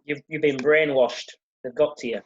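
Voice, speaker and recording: A man's voice: on the high side, fairly even intonation, normal speed, a little hiss or hum. Sarcastic, sweary man ranting. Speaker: podcast host. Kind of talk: casual ranting review. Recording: dull lo-fi sound.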